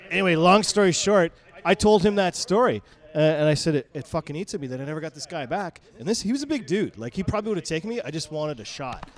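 A man co-hosting a podcast, telling a profane, animated family story in casual chat. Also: a little high, fast. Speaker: podcast co-host.

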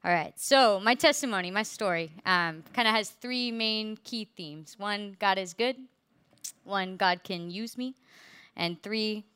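Bright, crisp young woman giving testimony. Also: mid-range voice, dry recording. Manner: earnest, many fillers, laughs through hard parts. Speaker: speaker sharing a faith testimony. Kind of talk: personal testimony to a group.

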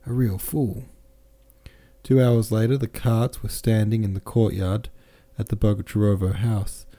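A man hosting a podcast and reading a classic novel aloud in steady, measured narration. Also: on the low side. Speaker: podcast host and reader.

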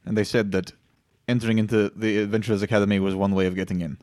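A man's voice: lowish voice, flat delivery, fast talker, a little mellow, dry recording. A man playing in a tabletop role-playing game, talking about his character with amused, dry humour. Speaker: player. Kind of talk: casual tabletop game chat.

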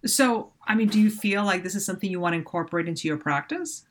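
A woman co-hosting a podcast, calmly explaining points from a book in casual chat. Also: medium pitch, fast talker. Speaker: podcast co-host.

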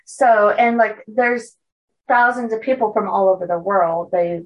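A woman's voice: medium pitch, flat delivery, unhurried, distant mic, muffled recording. Chatty woman telling a story, a bit off-mic. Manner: chatty, loose, with many fillers and self-corrections. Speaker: podcast co-host telling a true-crime story. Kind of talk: casual storytelling from notes.

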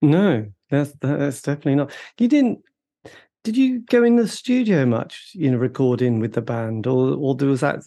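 Mellow interviewer. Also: male voice, mid-range voice, moderate pace. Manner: rambling, hesitant questions. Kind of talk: interview questions.

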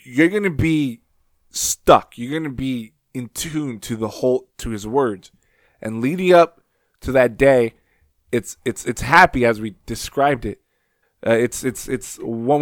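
A man's voice: medium pitch, measured pace, dry recording, studio quality. A man co-hosting a podcast in casual chat, blunt and swearing, with stammering restarts. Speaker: podcast co-host.

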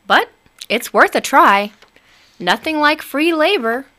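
A woman's voice: high-pitched, lively intonation, slow pace, sharp tone, pitched above the performer's own voice, full character voice. A woman voicing a greedy rich man who talks in a dismissive, disbelieving way. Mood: scornful. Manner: incredulous, dismissive.

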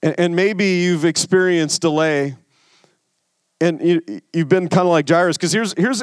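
A man preaching a sermon in a loose, conversational way, stumbling over and repeating words as he goes. His voice sits a bit higher than most men's. The sound is dry, with no room around it. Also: unhurried, clean tone, dry recording. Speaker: pastor.

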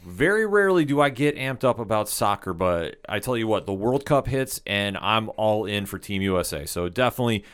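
A man hosting a sports podcast, energetic and amped up, talking loudly about the show and the week in sports. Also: lowish voice, brisk, hardly any pauses, clean tone. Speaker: podcast host.

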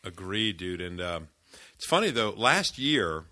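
A man co-hosting a podcast, chatty and animated, calling the others "dude". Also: sits low, a little slow. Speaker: podcast co-host. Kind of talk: casual discussion.

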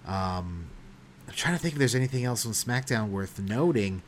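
A man's voice: fairly low pitch, lively intonation, normal speed, a crowd in the background. Easygoing podcast guy musing aloud. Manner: thoughtful, hedging, laughs often. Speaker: podcast co-host. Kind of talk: casual chat.

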